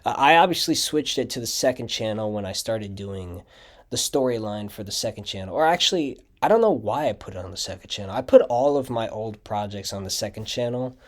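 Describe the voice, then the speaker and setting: A man's voice: lowish voice, lively intonation, a little fast. A young man talking through his own video projects in casual audio commentary, rambling with lots of fillers and restarts. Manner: rambling, filler-heavy storytelling with frequent "like" and restarts. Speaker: channel creator giving audio commentary.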